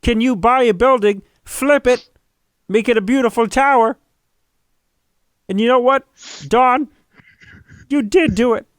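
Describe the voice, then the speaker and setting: A man's voice: extremely high pitch, unhurried, pauses often, smooth, no echo, clean studio sound. A man voicing an intense, tearful male psychologist who lectures earnestly and swears mildly. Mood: lecturing. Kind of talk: comedic impression.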